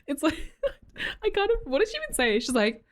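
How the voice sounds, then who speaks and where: A young Australian woman chatting casually on a livestream, bubbly and quick to laugh, answering chat as she goes. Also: sits high, very animated. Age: young adult. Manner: bubbly, laughs often, reads chat aloud.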